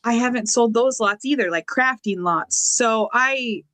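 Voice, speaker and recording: A woman's voice: on the high side, measured pace, bright, forceful tone. A woman co-hosting a casual chat, rambling and enthusiastic with many fillers. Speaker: co-host.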